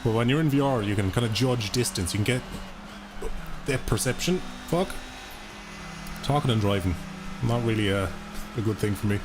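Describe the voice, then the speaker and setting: Chatting with his stream audience during a live racing game, a young Irish man swears freely and keeps it casual. He has a medium-pitched voice at normal speed, with long pauses. Racing music and car engines sound in the background.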